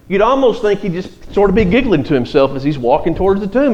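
A man's voice: high voice, lively intonation, brisk, few pauses, darkish tone, muffled recording. A man preaching an expository sermon, reading scripture verses aloud and explaining them.

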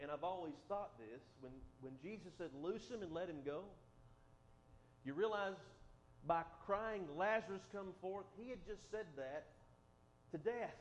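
A man preaching a sermon, reading scripture aloud and explaining it with rhetorical questions, swinging between loud emphasis and quiet asides. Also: high-pitched, slight background noise, poor audio. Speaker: pastor.

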